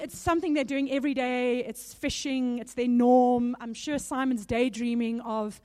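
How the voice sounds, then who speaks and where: A woman's voice: a little high, steady tone, normal speed, few pauses. A woman preacher giving a sermon in a conversational way, with small laughs between points, a little nervous. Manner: warm laughing asides, conversational.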